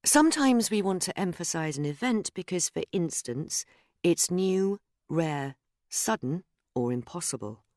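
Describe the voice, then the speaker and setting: A narrator reading a scripted grammar lesson in a measured, explanatory way, speaking example sentences aloud. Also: mid-range voice, expressive, a little mellow, no echo, clean studio sound. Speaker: course narrator.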